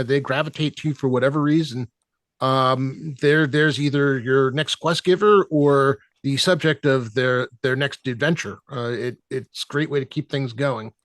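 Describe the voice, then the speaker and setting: Halting man sharing dm advice. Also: mid-range voice, fairly bright tone, no room sound. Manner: halting, filled with ums and you-knows. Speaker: dungeon master. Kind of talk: casual chat.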